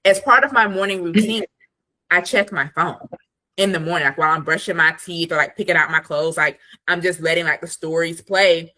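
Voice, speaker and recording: A woman coach talks from her home office desk in a low, bright and forceful voice. She chats casually over a video call, scattering "like" through her sentences and acting out quoted thoughts. Her energy stays steady as she gives practical examples. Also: fairly quick. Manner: chatty, many "like" fillers, acts out quoted thoughts. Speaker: productivity coach, guest. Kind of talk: casual conversational interview.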